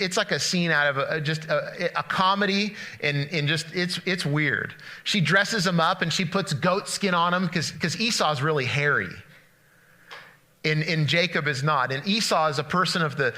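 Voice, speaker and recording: A pastor gives a casual, story-driven sermon in a bright, forceful voice pitched slightly high. He speaks in quick bursts, acting out the story he retells and often restarting his phrases.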